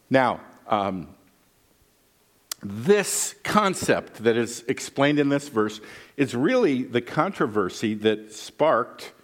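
A middle-aged male pastor delivers a sermon in a relaxed, folksy way, weaving in personal stories. His voice sits at a medium pitch, and he keeps checking in with his listeners with a quick "right?". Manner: folksy, conversational, with frequent "right?" asides. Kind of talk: sermon with storytelling.

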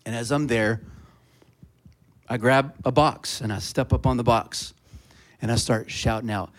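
Pastor telling a story in a sermon. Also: male voice, medium pitch, fairly even intonation, unhurried, pauses often. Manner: conversational storytelling that rises to loud, fervent preaching.

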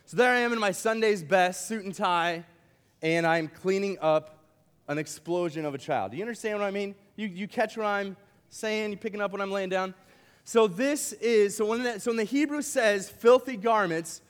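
A young man gives a youth camp sermon, playful and animated, joking with the crowd as he goes. His voice sits high for a man. A long reverb from the large hall trails behind each phrase. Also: smooth. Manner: playful, animated, uses props and jokes with the crowd. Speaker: camp speaker. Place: large hall with a live audience.

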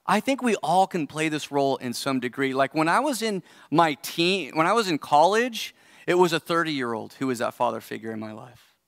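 A man's voice: a little high, expressive, normal speed, gravelly, dry recording, studio quality. A man in his forties preaching a sermon as pastor, earnest and conversational, thinking aloud as he goes. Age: 40s. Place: church service.

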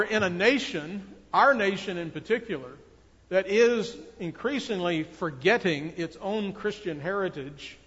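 A man preaching a sermon from the pulpit, speaking earnestly with measured, emphatic delivery. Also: high-pitched, a bit bright. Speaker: pastor. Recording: dull audio with long church reverb.

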